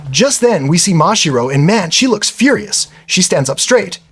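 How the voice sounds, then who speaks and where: A man narrates an anime episode recap in a casual, chatty way, with a fairly high, husky voice that swings up and down a lot. He keeps dropping in little asides as he tells it. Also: very animated, moderate pace, fairly bright tone. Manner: chatty, exclaims "man" and "I mean".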